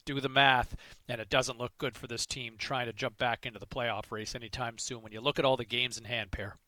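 A man's voice: medium pitch, fairly even intonation, fairly quick, pushed and bright, dry recording. A man hosting sports talk radio, bantering energetically with his guest. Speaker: radio host.

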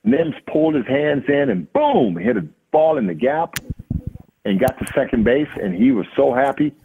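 A man, a hitting coach and podcast guest, telling a lively story and acting out the dialogue. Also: medium pitch, moderate pace, vocal fry, a little hiss or hum. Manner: acts out quoted dialogue. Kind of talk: animated storytelling. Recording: tinny phone-like line.

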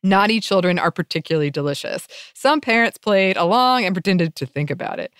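A woman's voice: mid-range voice, fairly quick, clear, resonant tone, no echo, clean studio sound. A woman co-hosting a podcast, chatting casually and reading out listener mail with frequent laughter. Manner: chatty, laughs often, animated when reading. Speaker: podcast co-host.

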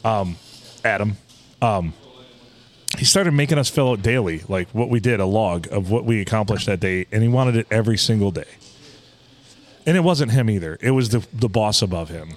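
A man's voice: lowish voice, animated, moderate pace. A man with a Michigan accent, co-hosting a podcast in candid casual chat, swearing now and then. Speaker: podcast co-host.

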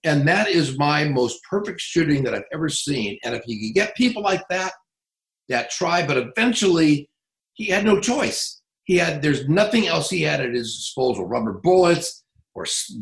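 A middle-aged man working as a police trainer, telling stories in an interview in a blunt, profane, animated way. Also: on the high side, moderate pace, gravelly, echoey room, rough recording. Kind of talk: casual interview storytelling.

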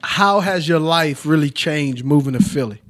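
A man's voice: on the high side, moderate pace. A man hosting a casual chat, joking and using a lot of slang. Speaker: host.

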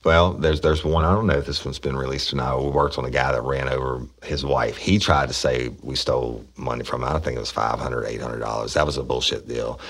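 A middle-aged man with an extremely low, deep voice tells old police stories. He talks in a blunt, folksy, profane way and often restarts his sentences. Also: fairly even intonation, a little fast, hardly any pauses, a bit bright. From Louisiana, USA. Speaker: podcast host, former police officer. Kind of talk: casual storytelling.

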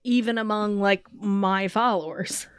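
A woman co-hosting a podcast in casual chat, making quick jokes. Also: mid-range voice, fairly even intonation, clear, resonant tone, no echo, studio quality. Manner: laughs often, quick quips. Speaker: podcast co-host.

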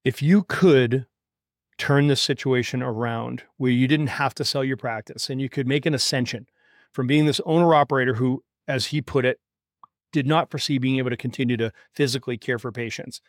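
A man hosting a podcast, telling a client story in a casual, animated way, acting out the quoted dialogue and checking in with "right?" and "you follow me?". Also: medium pitch, a little fast, no echo, clean studio sound. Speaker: podcast host and practice exit consultant.

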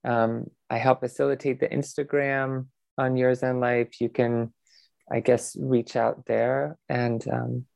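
Earnest male meditation teacher as guest, gravelly, dry close sound. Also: mid-range voice, level tone, takes it slowly, darkish tone, no room sound. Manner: reflective, earnest, many fillers. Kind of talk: relaxed interview conversation.

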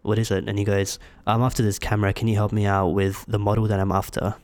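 Low-voiced man telling a story. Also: fast talker, clean tone, dry recording. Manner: animated storytelling, acting out dialogue. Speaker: storyteller in a casual chat. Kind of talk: casual chat.

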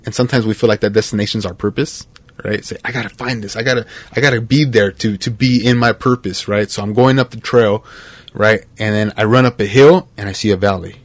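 A man hosting a podcast, talking in a casual, heartfelt and animated way, dropping "man" and "bro" constantly. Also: lowish voice, fairly quick, dry recording. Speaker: podcast host.

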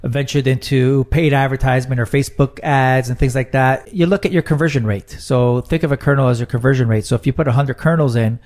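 A man's voice: medium pitch, fairly even intonation, a little fast, hardly any pauses, darkish tone. A middle-aged man co-hosting a casual podcast chat, rambling and joking as he tells stories. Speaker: podcast co-host.

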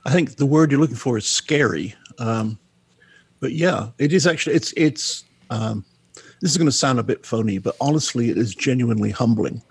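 A man's voice: mid-range voice, normal speed, breathy edge, no echo. A man talking as a guest on a podcast interview, candid and wry about himself. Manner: candid, wry, self-deprecating. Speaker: guest, book author.

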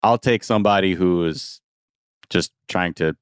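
A man's voice: sits low, a little slow, clean tone, dry recording, studio quality. A male podcast host chatting casually and joking, often slipping into playful voices. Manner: joking, animated, playful impressions. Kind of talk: casual chat.

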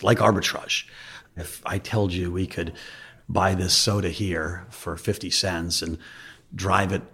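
A man with a low, deeply husky voice talks as an interview guest. He tells loose, self-deprecating stories in a candid, conversational way. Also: a bit bright. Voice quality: raspy. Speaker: investor guest.

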